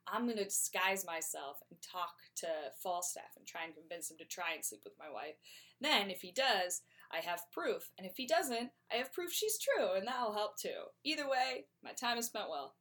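A woman voicing a jealous, suspicious middle-aged husband who talks in a fretful, rushed, scheming way. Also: medium pitch, very animated, fairly bright tone.

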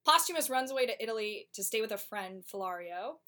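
A woman's voice: mid-range voice, lively intonation, sharp tone. A woman co-hosting a podcast, giving a chatty, slangy comic plot summary. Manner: chatty, slangy, quick asides. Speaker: podcast co-host.

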